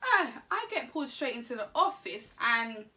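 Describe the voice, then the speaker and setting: A woman telling a story to camera in an animated, slangy, laughing way. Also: a little high, moderate pace, recorded from a distance. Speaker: vlogger. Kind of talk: casual storytime.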